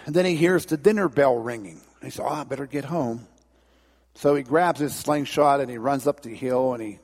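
Husky folksy preacher in an echoing hall. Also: male voice, a little high. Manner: folksy, animated storyteller. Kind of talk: sermon with storytelling. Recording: long reverb in a large hall.

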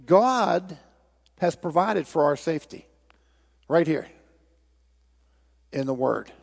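Preacher guy telling a story, slightly high voice, rhythmic and repetitive, big hall echo. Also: expressive, slow, gravelly, husky. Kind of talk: sermon storytelling. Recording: reverberant church hall.

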